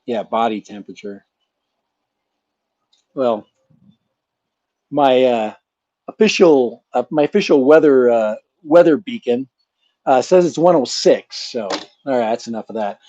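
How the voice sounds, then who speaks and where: A man's voice: mid-range voice, expressive, a little slow, long pauses, mellow. A man hosting his channel in a casual live chat, rambling and joking with a chuckle. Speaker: channel host. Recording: dull lo-fi sound.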